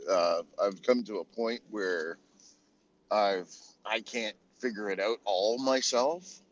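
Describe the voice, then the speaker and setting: A man's voice: on the low side, slow, muffled recording. A man in a casual online audio chat, rambling and chuckling as he pieces his thoughts together. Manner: rambling, chuckling, self-correcting.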